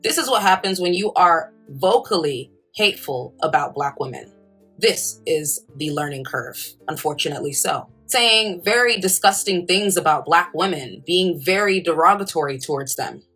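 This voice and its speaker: A woman's voice: on the low side, fairly bright tone. A woman giving opinion commentary in a blunt, scolding, matter-of-fact way. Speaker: social media commentator.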